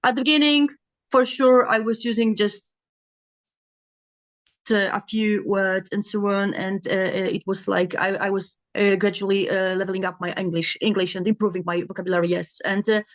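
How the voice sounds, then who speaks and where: A woman's voice: medium pitch, fairly even intonation, normal speed, no room sound. A woman learner speaking English on a video call, hesitant and full of fillers and restarts.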